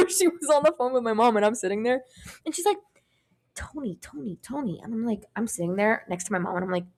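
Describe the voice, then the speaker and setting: A woman's voice: fairly high pitch, fast talker. A woman co-hosting a podcast, telling stories in casual chat, acting out what others said and swearing freely. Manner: animated storytelling, acting out other people's lines, frequent swearing. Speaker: podcast co-host.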